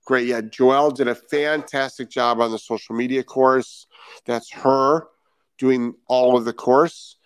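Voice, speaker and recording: Emphatic dog trainer on a live stream. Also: male voice, mid-range voice, steady tone, a little slow, clean tone, no echo. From Rhode Island. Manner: emphatic, repeats key phrases, asks rhetorical questions. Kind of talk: live stream chat reading viewer comments.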